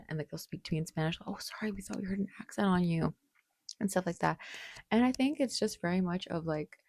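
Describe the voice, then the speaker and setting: A woman's voice: low-pitched, darkish tone, no echo. A woman in her late twenties talking casually to camera in a rambling, bubbly way with lots of fillers. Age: late 20s. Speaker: vlogger.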